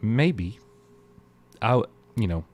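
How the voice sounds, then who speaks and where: A man co-hosts a laid-back live stream, his voice sitting low. He drifts between reading viewer messages and chatting about them in a loose, unhurried way. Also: expressive, a little mellow. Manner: reads viewer messages aloud, drawling and chatty. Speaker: show co-host. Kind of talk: casual live-stream chat.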